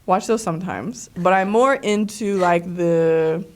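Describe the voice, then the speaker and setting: A woman, a dancer and choreographer, chatting casually as an interview guest, with lots of "like" fillers and animated quoting. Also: lowish voice, measured pace.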